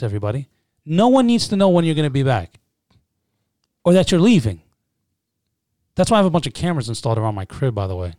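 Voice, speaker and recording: A young man co-hosting a casual podcast with his brother, joking and telling animated stories. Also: mid-range voice, quick pace, dry recording, clean studio sound. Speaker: podcast co-host. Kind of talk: casual chat.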